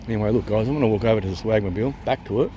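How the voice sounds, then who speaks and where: A man with an Australian accent ranting to his vlog camera while holding it, swearing and repeating himself, going from loud to hushed. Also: on the low side, racing, a little hiss or hum. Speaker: vlogger. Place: outdoors near a town. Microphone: handheld camera at arm's length.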